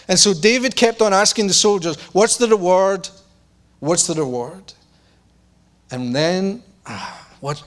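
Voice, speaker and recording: A man preaching a sermon, who acts out the lines of the characters and drops to a low, intense voice to press a point. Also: fairly bright tone.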